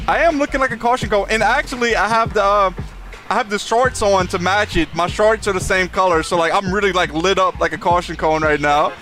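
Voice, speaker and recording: Bright, high-voiced young male streamer. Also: a little hiss or hum. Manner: chatty, reads chat aloud, laughs often. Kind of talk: live gameplay commentary.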